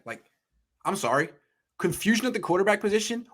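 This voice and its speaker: A man's voice: high-pitched, very animated, a little fast, a bit bright. A man hosting a sports podcast, ranting with profane, emphatic bursts in heated sports talk.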